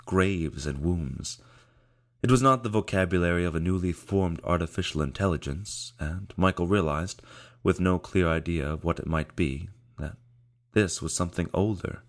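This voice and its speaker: A low-pitched man narrates an audiobook from a script, telling the story in a steady, measured manner.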